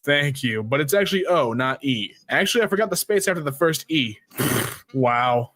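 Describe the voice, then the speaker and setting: A man's voice: medium pitch, expressive, a bit bright, dry recording. A man reading memes aloud as a streamer, joking and briefly switching into silly voices. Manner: jokey, reads meme text in quick silly voices. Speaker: meme reaction streamer.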